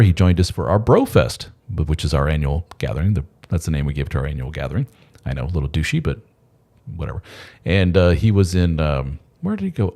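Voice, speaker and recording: Low-voiced man rambling live. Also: a little mellow. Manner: rambling, loose and candid, with mild swearing. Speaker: host of a men's support channel. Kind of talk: casual live-stream chat.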